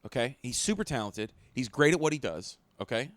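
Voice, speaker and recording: A middle-aged man talks loosely on a podcast, plugging gigs and riffing with his co-host. His voice sits at an ordinary pitch, and it is recorded close and dry with no room sound. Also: fairly quick, dry recording. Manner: animated, joking, puts on silly voices. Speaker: podcast co-host and stand-up comic. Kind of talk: casual chat.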